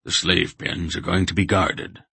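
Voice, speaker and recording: A man voicing a cautious, gruff old man who leads the group, speaking low, terse and matter-of-fact. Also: level tone, a little slow, sharp tone, no echo, full character voice. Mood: quiet, grave.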